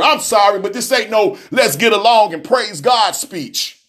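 Man, radio host, high voice, fiery preacherly rant, repetitive and shouty. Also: lively intonation, unhurried.

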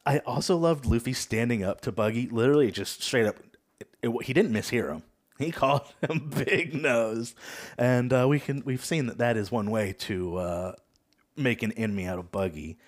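A man hosting a casual podcast chat, talking in a relaxed, hesitant way with many fillers and frequent laughs. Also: medium pitch, normal speed. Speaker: podcast host.

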